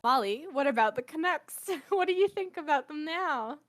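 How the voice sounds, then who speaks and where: Lively young woman laughing through chat. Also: high-pitched, normal speed, noisy background. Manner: animated, laughs often. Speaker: podcast co-host. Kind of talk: casual chat.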